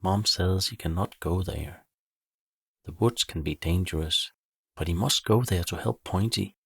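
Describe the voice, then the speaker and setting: Guy reading a kids bedtime story, husky voice, dry close sound. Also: deep voice, dry recording. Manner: calm, measured storytelling. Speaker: narrator.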